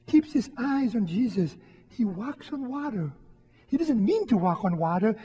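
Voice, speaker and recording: High-voiced priest in a reverberant church. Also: male voice, husky. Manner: gentle, reflective, with frequent pauses. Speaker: Catholic priest giving a homily. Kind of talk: sermon. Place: church during Mass.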